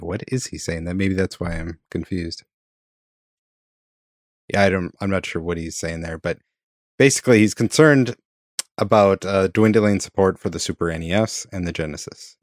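A man's voice: sits low, dry recording, studio quality. A man with a Minnesotan accent co-hosting a casual podcast, reading an old letter aloud, laughing and stumbling over words. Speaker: podcast co-host.

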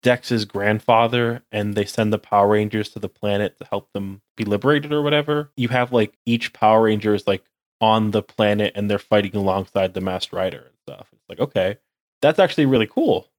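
A man's voice: lowish voice, a little fast, no room sound, studio quality. A young man co-hosting a casual podcast chat, rambling with lots of "like". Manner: rambling, heavy use of "like". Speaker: podcast co-host.

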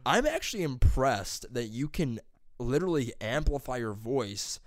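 Animated young man telling stories. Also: normal speed, no echo, clean studio sound. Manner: animated storyteller, swears a lot, loud high-pitched impressions. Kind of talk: casual chat.

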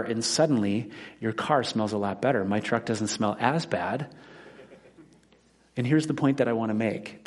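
A man in his forties, a pastor giving a conversational sermon that mixes scripture with personal stories. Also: mid-range voice. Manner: conversational preaching with personal anecdotes.

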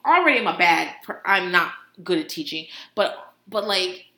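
A woman's voice: on the low side, lively intonation, normal speed, sharp tone. A woman host giving a casual comedic recap, swearing freely and laughing often as she talks. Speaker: podcast host. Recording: roomy echo.

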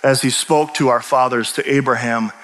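A man preaching a sermon, animated and emphatic, often restarting his sentences. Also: mid-range voice, moderate pace. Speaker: pastor and teacher. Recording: long reverb of a large hall.

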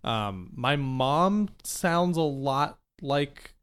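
Halting young man in casual chat. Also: mid-range voice, expressive, a bit bright, smooth. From New England. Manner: halting, filler-heavy, slow drawn-out phrases.

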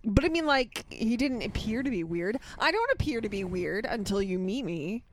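A woman co-hosting a podcast, answering with playful, quick retorts in casual chat. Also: fairly high pitch, expressive, slight background noise. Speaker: podcast co-host.

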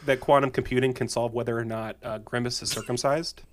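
A man's voice: mid-range voice, steady tone, a little fast, slight background noise. Man tossing dry jokes in chat. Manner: dry, joking asides. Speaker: podcast co-host. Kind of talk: casual chat.

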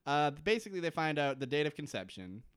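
A male podcast co-host who recaps in a relaxed, joking way with a dry deadpan edge. His voice sits a little high and sounds smooth and clear. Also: quick pace, no echo. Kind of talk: casual chat.

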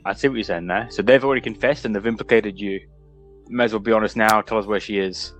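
A man's voice: on the low side, steady tone, fast talker, soft background music, rough recording. A man player in a tabletop game, joking and laughing. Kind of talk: tabletop role-play.

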